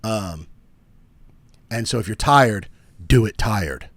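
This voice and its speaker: A man's voice: on the low side, lively intonation, slow pace, dry recording. Tired young man rambling on a podcast. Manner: rambling, joking, trails off with fillers. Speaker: podcast co-host. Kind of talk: casual podcast banter.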